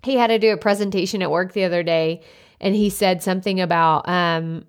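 Loud, energetic woman podcast host. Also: lowish voice, fairly quick, clear, resonant tone. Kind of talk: casual solo podcast talk. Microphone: studio podcast microphone up close.

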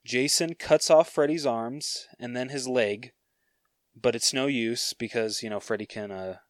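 Male podcaster pitching a story. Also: unhurried, no echo, studio quality. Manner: storytelling, hesitant with fillers. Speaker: podcast host. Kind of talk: casual chat, pitching a story. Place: podcast studio.

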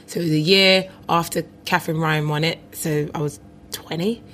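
A woman's voice: low voice, steady tone, moderate pace, a bit bright, a little hiss or hum. A woman in her twenties, a comedian guest, introducing herself with playful, self-mocking boasts. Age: 20s. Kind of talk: casual interview chat.

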